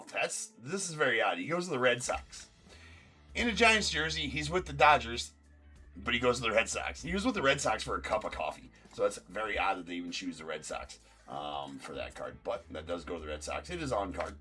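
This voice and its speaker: A man's voice: lowish voice, very animated, a little fast, bright, forceful tone, soft background music. A man hosting a live card break stream, calling out pulled cards and bantering with viewers in chat.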